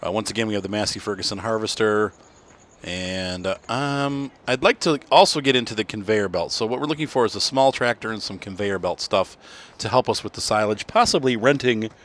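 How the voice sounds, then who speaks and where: A man's voice: on the low side, fairly quick, fairly bright tone. A tired man hosting a casual farming game playthrough, rambling and correcting himself as he talks. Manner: rambling, self-correcting, yawning. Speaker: gaming channel host.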